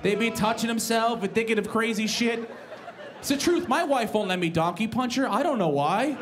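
A man's voice: extremely high pitch, moderate pace. A male stand-up comedian from New York with a New York accent, ranting in a profane, exasperated way and acting out bits of dialogue. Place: comedy club stage before a live audience. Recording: live club recording with crowd and room noise.

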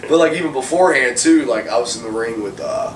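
A male wrestler chatting casually in an interview, animated and swearing freely. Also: medium pitch, fast. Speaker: professional wrestler guest. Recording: roomy, distant mic with background noise.

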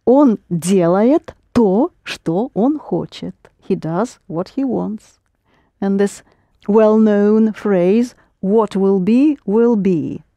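A woman's voice: medium pitch, takes it slowly, dark tone, no room sound, lo-fi sound. Patient woman teaching a language lesson. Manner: patient, explains step by step, prompts and corrects.

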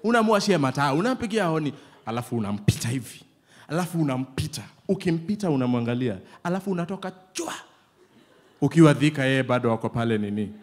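Man, Kenyan accent, pastor, sermon, playful storytelling, raised pitch. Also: fast. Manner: lively, playful storytelling, switches often between English and Swahili.

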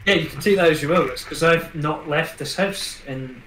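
A man chatting over voice chat while streaming a shooter game. He swears a lot and gets worked up quickly. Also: fairly high pitch, a bit bright. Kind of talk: casual gaming chat. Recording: roomy echo, faint background noise.

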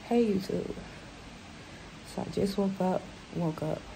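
A woman vlogging from a hospital room after surgery, out of breath with a sore throat, talking quietly and tiredly into her phone. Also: medium pitch, measured pace, creaky, slightly rough. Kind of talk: casual video diary. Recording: noisy background hiss.

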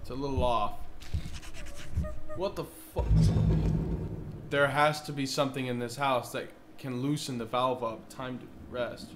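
A man hosting a horror game video, cursing, shouting at the game and talking back to its characters. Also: medium pitch, fairly even intonation, measured pace, long pauses, noisy background. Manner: profane, loud and reactive, talks back to the game. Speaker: gaming video host. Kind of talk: horror game reaction commentary.

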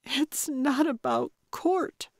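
A woman's voice: fairly high pitch, steady tone, slow, darkish tone, dry recording, voice pushed up. Woman doing a tearful, frightened young woman.

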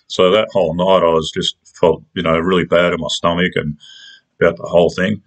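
This is a man with an Australian accent and a low, deep voice, telling a personal story. He talks in a casual, colloquial way, rambling and restarting his sentences as he goes. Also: level tone, brisk.

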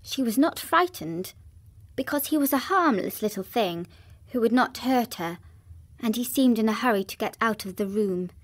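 A woman narrating a children's classic in a gentle, even storytelling manner, with a synthetic sound. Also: fairly high pitch, moderate pace.

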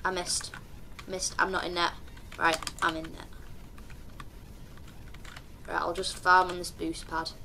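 A young woman, chatting through live gameplay commentary with sudden excited yelps and calls to her teammates. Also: on the low side, a little slow, long pauses, slight background noise. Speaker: streamer.

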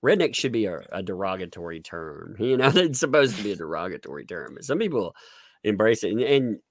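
A man with a low Southern voice who hosts a live stream. He swings his pitch widely as he jokes and laughs, and the sound is dry and close to the mic. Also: brisk, dry recording. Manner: laughs often, animated jokey delivery. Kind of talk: casual live-stream chat.

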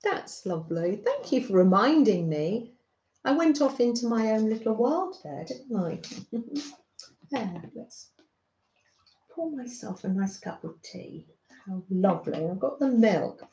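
Slow, gentle British woman on a stream. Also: mid-range voice, sing-song. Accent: British English. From Britain. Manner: soft, motherly, chatting to viewers with frequent little laughs. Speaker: craft livestream host. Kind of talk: gentle chatty livestream. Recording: roomy, slightly dull home stream audio.

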